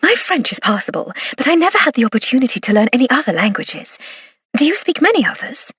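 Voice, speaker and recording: A chirpy, effusive Edwardian society lady, as a female narrator puts her on, leaps up high on her excited words. Her delivery is lively and theatrical, with a slightly husky edge, in a storybook reading. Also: quick pace, dry recording, clean studio sound, exaggerated voice. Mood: impressed. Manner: gushing, theatrical emphasis. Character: cheerful, effusive upper-class Edwardian lady.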